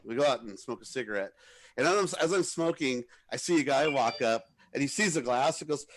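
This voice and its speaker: A middle-aged man co-hosting a podcast, telling party stories in a rambling, animated way and shouting out the lines he quotes. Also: mid-range voice, a little fast. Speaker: podcast co-host. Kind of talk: casual storytelling.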